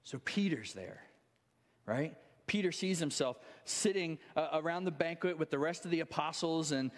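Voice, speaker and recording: A man's voice: on the high side, normal speed. A male pastor preaching a sermon, telling stories conversationally with many restarts and asides. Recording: long hall reverb.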